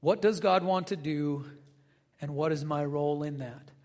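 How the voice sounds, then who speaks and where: A man's voice: fairly high pitch, normal speed, darkish tone. A man preaching a sermon as pastor, conversational and folksy, with casual asides and acted-out quotes. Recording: long reverb of a hall.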